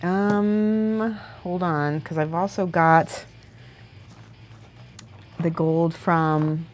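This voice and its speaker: A woman's voice: on the low side, fairly even intonation, very slow, a little hiss or hum. A woman chatting casually and rambling with frequent giggles while she paints miniatures for her viewers. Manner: chatty, rambling, giggly, soft when concentrating.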